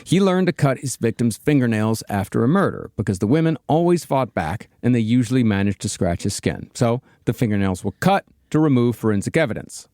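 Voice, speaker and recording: A man's voice: mid-range voice, animated, a little fast, few pauses, dark tone, no echo. A man hosting a podcast, reading a researched true-crime account with dry asides between co-hosts' banter. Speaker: podcast host narrating a true-crime case.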